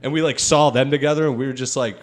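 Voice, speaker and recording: Young male podcast host, casual and profane, mid-pitched, laughs easily. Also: fairly even intonation, fast talker. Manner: loose, swearing storyteller who laughs at his own stories.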